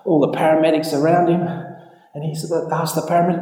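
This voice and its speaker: A man's voice: level tone, very fast, dark tone. Man telling a joke in an echoey hall. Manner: storytelling, jumps high for quoted voices. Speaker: speaker. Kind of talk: public talk with a joke.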